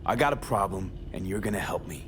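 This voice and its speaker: A blunt, sarcastic mercenary in a video game. His voice is fairly low, and a clear hiss runs under the game audio. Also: expressive, a little fast, fairly bright tone. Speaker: game protagonist.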